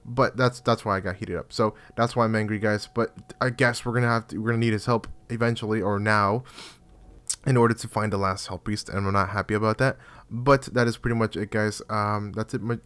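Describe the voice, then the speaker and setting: A man commenting casually on his game as he plays, excitable and chatty, cursing and addressing his viewers often. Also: on the low side. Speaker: gaming channel host.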